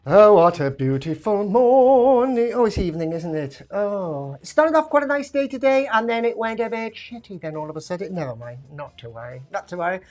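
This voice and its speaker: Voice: medium pitch, big pitch swings, fairly quick, hardly any pauses. A quiz host, running a casual live-streamed pub quiz with chatty, self-mocking asides between the questions.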